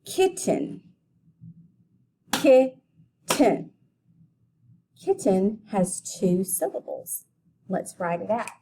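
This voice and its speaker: Slow, lively-voiced woman teaching phonics. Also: medium pitch, a little hiss or hum. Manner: slow, deliberate, sounding out letters and syllables. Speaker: elementary school teacher. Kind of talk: phonics lesson for young children.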